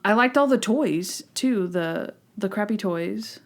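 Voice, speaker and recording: A woman co-hosting a podcast, chatting casually and retelling scenes in an animated way. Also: medium pitch, slow pace. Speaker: podcast co-host. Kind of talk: casual chat.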